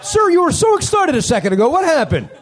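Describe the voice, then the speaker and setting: A man works the crowd from a comedy club stage, needling audience members with sarcastic, playful jabs. His voice sits high and leaps around expressively as he riffs. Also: huge pitch swings, background noise. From Canada. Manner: teasing, sarcastic, quick to riff. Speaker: comedy podcast host. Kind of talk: live comedy crowd work.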